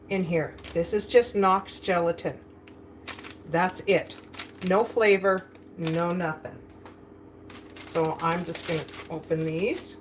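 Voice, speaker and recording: A woman's voice: lowish voice, noisy background. A woman chatting casually while cooking in her home kitchen for a vlog, rambling and laughing often. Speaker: vlogger.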